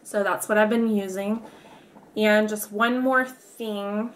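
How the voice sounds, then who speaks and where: Young woman, slow unhurried pace, casual skincare tutorial, halting with fillers and little laughs. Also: medium pitch, steady tone. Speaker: beauty vlogger.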